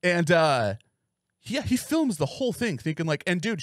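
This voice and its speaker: A man co-hosting a podcast, telling a story in a casual, profane, animated way. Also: high-pitched, normal speed, no echo, clean studio sound. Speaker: podcast co-host. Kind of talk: casual chat.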